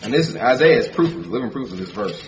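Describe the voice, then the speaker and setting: A man's voice: mid-range voice, animated, fast talker. A man preaching a sermon who reads scripture aloud and explains it conversationally, repeating phrases for emphasis. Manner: reads scripture in King James wording, then explains it conversationally. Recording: distant mic with faint background noise.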